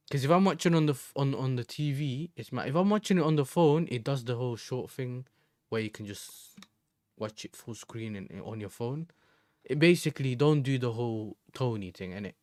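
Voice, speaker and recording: Young man, football streamer, rambling slang, mid pitch, dry room. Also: expressive, a little fast, darkish tone, no room sound. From Netherlands. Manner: chatty, rambling, slang-filled. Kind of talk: casual live-stream chat.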